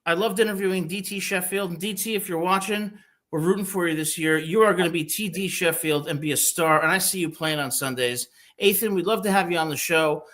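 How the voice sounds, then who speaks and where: Young male sports talk host from New Jersey, bright tense voice, boisterous joker. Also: on the high side. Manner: boisterous, jokey, animated storytelling. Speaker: podcast host.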